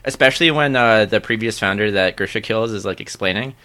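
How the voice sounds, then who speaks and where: A man in a relaxed podcast chat, his voice low-pitched yet bright and forceful. He talks in an easygoing, agreeable way, often chiming in with short assents. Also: a little fast. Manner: easygoing, agreeable, frequent backchannels. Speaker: podcast co-host. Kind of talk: casual chat.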